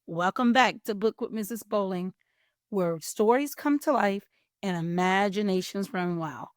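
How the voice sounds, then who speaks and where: A middle-aged woman hosting a children's storytime and reading a picture book aloud with an animated, expressive teacher's manner. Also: medium pitch, unhurried, no room sound, studio quality. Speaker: host and children's story reader.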